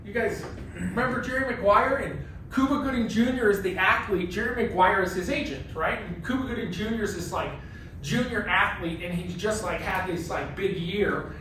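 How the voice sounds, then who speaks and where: A man running a casual real estate training workshop, animated and joking, often asking "right?". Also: sits high, normal speed. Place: classroom with a group. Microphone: phone camera from across the room. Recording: very echoey room, distant, faint hiss.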